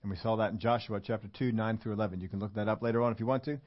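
A man's voice: lowish voice, fairly even intonation, racing, lo-fi sound. A man preaching a sermon in a conversational way, asking the congregation questions as he goes. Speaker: pastor.

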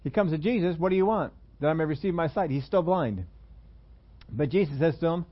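A man's voice: a little high, brisk, dull audio. A man preaching a sermon in a church room, talking conversationally and putting questions to the congregation. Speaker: pastor.

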